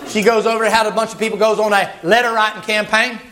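Folksy high-voiced preacher man. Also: fast. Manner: folksy, animated, acts out the characters. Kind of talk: storytelling sermon.

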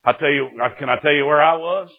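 A man giving a folksy sermon testimony, rising to shouts and dropping to hushed storytelling. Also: on the high side, fast, crowd noise. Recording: tinny phone-like recording.

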